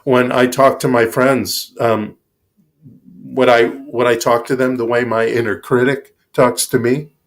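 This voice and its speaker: A male minister giving a sermon, speaking in a slow, reflective and emphatic way. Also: mid-range voice.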